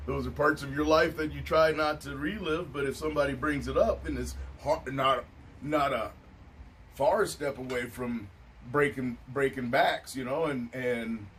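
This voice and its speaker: Man of middle pitch, host, loose and reflective, off-mic with light hiss. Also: steady tone, normal speed, a bit bright. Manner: laid-back and musing, with many filler phrases. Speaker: podcast host. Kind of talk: casual stoner chat. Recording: distant mic with faint noise.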